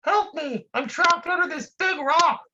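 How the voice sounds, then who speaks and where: Trapped, desperate victim, high shrieking yells, put on by the performer. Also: unhurried, highs cut off, noisy background. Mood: panicked. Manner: shrill desperate yelling. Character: panicked person trapped under a rock. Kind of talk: comic performance piece.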